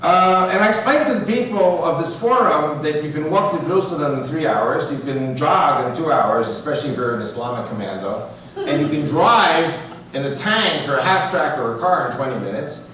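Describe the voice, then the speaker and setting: Man, New York accent, chatty church talk, joking asides, booming echo, faint room noise. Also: expressive, fairly quick, a bit bright. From United States. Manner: conversational, jokey asides, quotes others in dialogue. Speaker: guest speaker at a church. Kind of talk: church talk with storytelling and jokes. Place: church sanctuary. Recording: roomy echo, distant mic.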